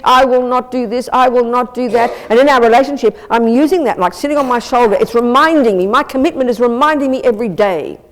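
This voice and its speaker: Woman, Buddhist nun teacher, dharma talk, blunt, lively, chatty, mid-pitched voice. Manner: blunt, lively, conversational and self-mocking. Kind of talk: dharma talk with audience questions. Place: Buddhist centre teaching room.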